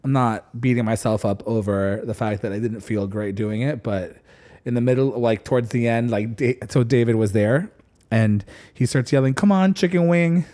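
A man's voice: on the low side, moderate pace. A man in casual chat, telling stories animatedly and acting out what others said. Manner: animated storyteller, acts out quotes loudly.

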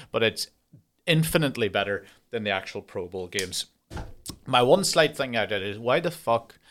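A man's voice: mid-range voice, sharp tone. A young man hosting a podcast, chatting casually in a rambling, profane, joking way. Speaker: podcast host. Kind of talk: casual chat.

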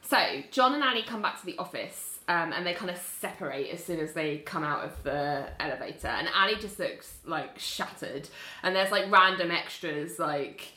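A woman, co-hosting a casual podcast, recapping a TV episode in an animated way and acting out the characters' lines. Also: on the low side, moderate pace, hardly any pauses, roomy sound. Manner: animated storyteller who acts out characters' lines. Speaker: podcast co-host.

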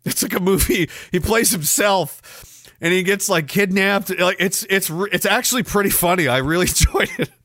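A man's voice: sits high, normal speed, sharp tone, no room sound, clean studio sound. A man hosting a live show and reading chat, rambling and swearing, with sudden bursts of mock outrage. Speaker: podcast host reading chat. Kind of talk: casual livestream chat.

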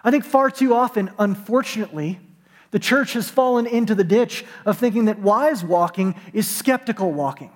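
Man, pastor, sermon, high voice, long hall echo, hushed lows and emphatic rises. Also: moderate pace. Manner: storytelling preacher, shifting between soft hushed moments and rising emphatic calls.

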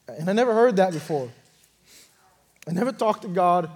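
An earnest young man preaching his own testimony from the pulpit. His voice sits high for a man, and he tells the story plainly before building louder at the turning points. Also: animated, moderate pace. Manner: earnest, storytelling, swells louder at key moments. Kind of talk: sermon testimony.

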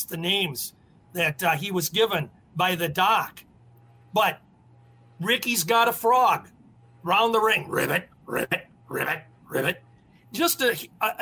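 A man's voice: high voice, sharp tone, a little hiss or hum. A man co-hosting a podcast, telling blunt, colorful stories about old characters. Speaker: podcast co-host. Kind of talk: storytelling chat.

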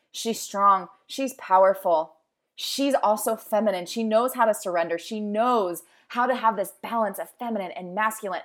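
A woman's voice: medium pitch, fairly bright tone. A woman hosting a podcast, speaking in an emphatic, emotional motivational monologue with repeated phrases. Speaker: podcast host.

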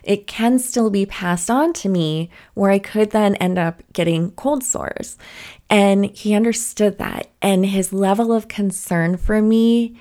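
A woman's voice: mid-range voice, takes it slowly, warm tone. A woman hosting a podcast, telling a personal story in a candid, chatty way and laughing now and then. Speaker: podcast host. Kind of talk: casual solo podcast storytelling.

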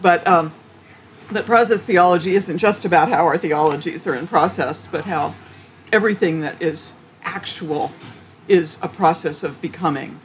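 A woman theologian answering interview questions in a thoughtful, halting way, with frequent restarts and light laughter. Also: lowish voice, a little hiss or hum. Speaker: theologian guest.

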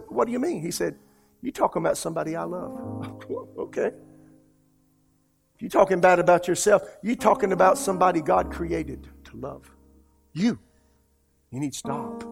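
Gravelly-voiced male pastor preaching. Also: sits high, normal speed, pauses often, soft background music. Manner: storytelling, swinging between hushed and loud emphatic delivery. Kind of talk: sermon.

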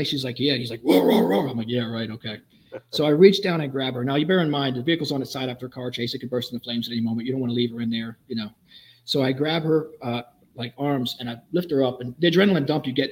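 A middle-aged man, a police officer guest on a podcast, telling a story fast and animatedly, acting out the lines he quotes. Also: medium pitch.

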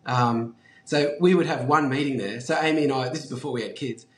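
An Australian man speaks as a podcast guest and tells his stories with loose, animated energy. His voice sits at a middle pitch, and he fills his talk with "like", "um" and the odd swear word. The room around him is echoey. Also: a little fast. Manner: animated, swears freely, heavy use of "like" and "um". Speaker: guest, brand founder. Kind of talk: casual storytelling chat.

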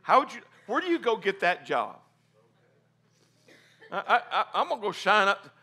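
High bright-voiced preacher. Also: male voice, very animated, moderate pace, breathy edge. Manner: reads scripture then builds to loud, fervent preaching; calls for congregation responses and says amen. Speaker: pastor. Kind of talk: sermon.

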